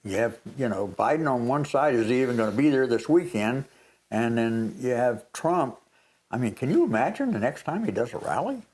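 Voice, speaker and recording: A man's voice: medium pitch, moderate pace. Older man telling a story with animation. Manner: animated storytelling, re-enacts moments. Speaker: co-host. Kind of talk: casual chat.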